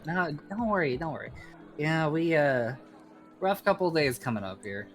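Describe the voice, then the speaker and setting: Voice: mid-range voice, expressive, normal speed, soft background music, lightly acted. A player voicing a wry, easygoing young female ranger in a tabletop game. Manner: half-joking, easygoing.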